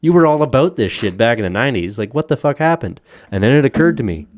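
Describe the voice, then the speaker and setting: A man's voice: medium pitch, very animated, fast, no echo. A man co-hosting a casual podcast, ranting with lots of profanity and frequent laughter. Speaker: podcast co-host.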